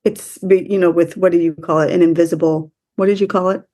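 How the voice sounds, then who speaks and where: A woman from the US speaking as a podcast guest, emotional and halting, often restarting her sentences. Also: on the low side, steady tone, warm tone. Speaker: interview guest. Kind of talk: conversational interview.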